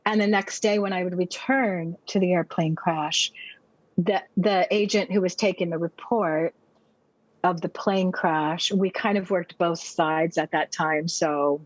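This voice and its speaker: A woman's voice: fairly low pitch, fairly even intonation, unhurried, no room sound, muffled recording. An American woman, a pastor and speaker, telling her personal testimony vividly and acting out her own past words as a podcast guest. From United States.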